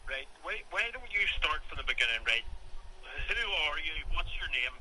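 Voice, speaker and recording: A man's voice: on the high side, very animated, moderate pace, sharp tone, a little hiss or hum. A man with an Irish accent on a phone call, furious and swearing constantly. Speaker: prank call victim.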